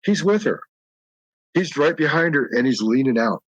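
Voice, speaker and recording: This middle-aged guest's voice is on the high side, expressive and breathy, at a moderate pace, as he casually tells long, rambling encounter stories punctuated by laughter. The recording is muffled, without echo.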